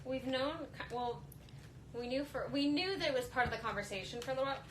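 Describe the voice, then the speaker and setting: A woman's voice: sits high, quick pace, fairly bright tone, slight background noise, rough recording. A young woman, an actress, chatting casually on a livestream, giggly and teasing. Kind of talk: casual chat.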